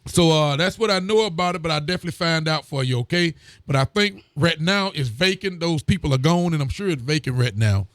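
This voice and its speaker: A man's voice: fairly high pitch, fairly quick, no room sound, clean studio sound. A man, a sheriff hosting a local show and greeting viewers by name in a friendly, casual way. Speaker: county sheriff and show host. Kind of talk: casual chat reading out viewer comments.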